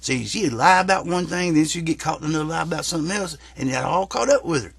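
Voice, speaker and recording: A man's voice: fairly high pitch, animated, fast, gravelly, fairly bright tone, husky, no room sound. A man delivers a rambling, profane, folksy rant as a comic vlogger. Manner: rambling, profane, drawling storyteller.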